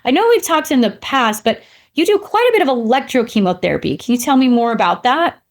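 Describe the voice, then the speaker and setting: A woman's voice: high voice, big pitch swings, a little fast. A woman hosting a podcast interview, asking friendly open questions of her guest. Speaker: podcast host.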